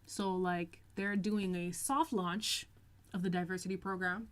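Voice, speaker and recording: A young woman hosting a casual livestream, chatting and reading out viewer comments, laughing often and stretching out some phrases slowly. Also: fairly low pitch, steady tone. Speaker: livestream host reacting to reality TV.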